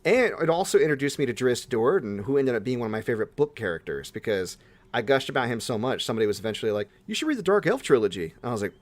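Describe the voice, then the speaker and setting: A young man co-hosting a casual podcast, talking in an excitable, gushing way that jumps into high-pitched bursts. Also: very fast. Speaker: podcast co-host. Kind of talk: casual chat.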